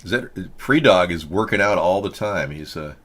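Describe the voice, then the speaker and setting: Low-voiced rambling joking male host. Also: animated, moderate pace, a bit bright. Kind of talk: casual political talk show commentary.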